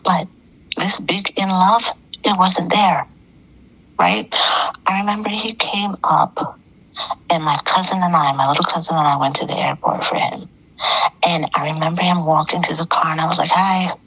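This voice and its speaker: A woman's voice: fairly low pitch, normal speed, long pauses, fairly bright tone, husky, dull audio. A middle-aged woman calling in to a talk show, telling a personal story in an emphatic way and repeating phrases for effect. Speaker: caller.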